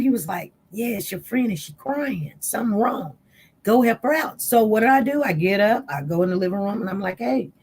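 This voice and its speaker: A woman's voice: on the high side, a little fast, breathy edge. Woman rambling thru a storytime to her viewers, does everyone's voices. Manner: chatty, animated retelling with quoted voices. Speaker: channel host.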